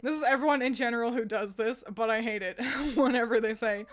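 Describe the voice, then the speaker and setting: A young woman from the United States chats casually on her stream in a slightly high voice. She rambles, restarts her sentences and laughs often. Soft music plays faintly under her voice. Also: brisk. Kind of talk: casual chat with chat readers.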